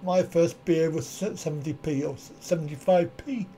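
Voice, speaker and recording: A fairly high, dark-toned male voice at a moderate pace, with slight hiss or hum in the recording. He's a middle-aged British live streamer chatting loosely with viewers' comments, often amused by his own wry, self-mocking asides.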